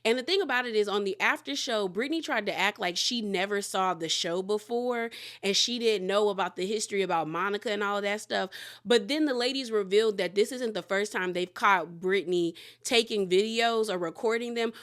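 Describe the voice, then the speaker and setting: A woman recapping reality TV episodes in casual commentary, telling the story with animated energy and frequent laughter. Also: medium pitch, a little fast. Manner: acts out quotes in exaggerated voices.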